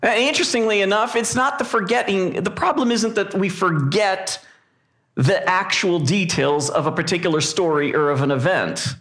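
A male pastor preaching a sermon in a reflective way, pausing often with fillers. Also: high voice, fairly bright tone.

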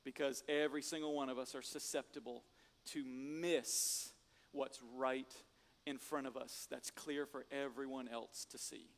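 A male pastor preaching a sermon, animated and conversational, swinging from loud jokes to hushed emphasis. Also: mid-range voice, measured pace, big-room sound.

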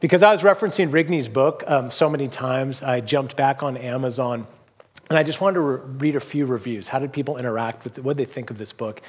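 A man's voice: mid-range voice, fast, slightly rough. A middle-aged man pastor preaching a sermon in a loose, conversational storytelling manner, full of fillers and restarts. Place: church hall.

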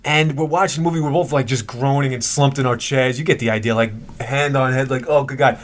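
A man's voice: mid-range voice, brisk. A man co-hosting a casual chat, telling stories with swearing and laughter. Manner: animated storyteller, swearing, laughing. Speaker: podcast co-host.

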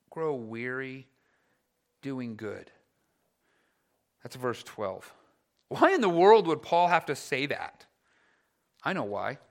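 A male pastor delivers his sermon with a high, bright voice. His pitch swoops widely as he presses his points bluntly and acts out the grumbles of his congregation. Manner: animated, blunt, acts out grumbling church members in quoted voices.

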